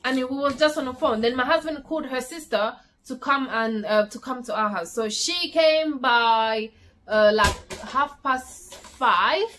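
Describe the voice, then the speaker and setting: A young woman vlogger tells a story from her own life at home, speaking casually to her viewers. Her voice sits a little high and sounds bright and sharp. She keeps the telling animated and piles up repeated words for emphasis. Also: measured pace, slight background noise.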